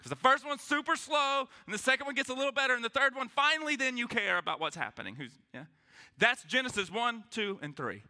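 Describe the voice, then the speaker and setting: A male pastor preaches from a church stage with a high, very bright voice that swoops all over the place. He jokes with the room and acts out quick voices to make his points. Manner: animated, joking, acts out voices. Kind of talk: sermon. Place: church sanctuary with congregation.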